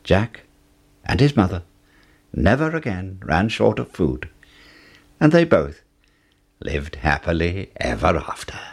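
A man narrating a children's fairy tale in an expressive reading voice. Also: deep voice, slow pace, long pauses. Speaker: storyteller.

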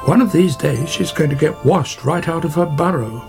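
A man's voice: fairly high pitch, moderate pace, creaky, music in the background. Man as a chatty, fretting otter. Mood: worried. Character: chatty, worried male otter.

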